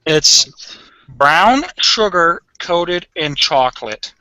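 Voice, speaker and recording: Young man, animator, casual chat, excitable, swears, high lively bright voice. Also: drawn-out words, smooth, dry recording, low-quality recording.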